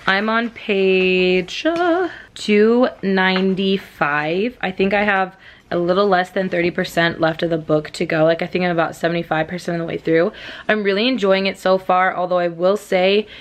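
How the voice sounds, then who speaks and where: A woman's voice: mid-range voice, animated, moderate pace. Chatty woman book vlogger rambling casually. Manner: rambling, lots of "like" fillers.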